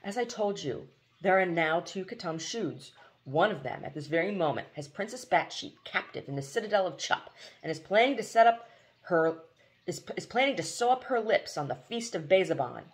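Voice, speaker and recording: A woman gives voice to a dignified storybook warrior, calm and grave. She keeps the lines measured and solemn, close to her own low voice. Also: natural voice.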